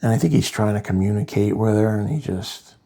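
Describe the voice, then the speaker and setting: A man casually reviewing a comic book, rambling through the plot with asides, in a gravelly voice. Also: lowish voice, brisk, warm tone.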